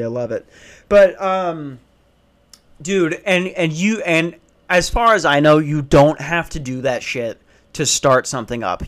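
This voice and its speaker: Young guy ranting in a back office, lotta swearing, sarcastic, kinda high voice. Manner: profane, sarcastic, exasperated. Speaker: comedic ranter. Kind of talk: casual comedic rant.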